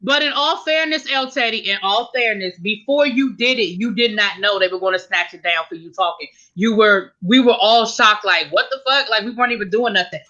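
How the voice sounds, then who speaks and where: A woman on an online panel who hedges with fairness and restates her points. Her tone is bright and forward at an ordinary pitch. The audio is dull and lo-fi. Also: brisk, hardly any pauses. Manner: conciliatory, repeats "in all fairness". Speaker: YouTube commentator on a panel. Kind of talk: casual panel discussion.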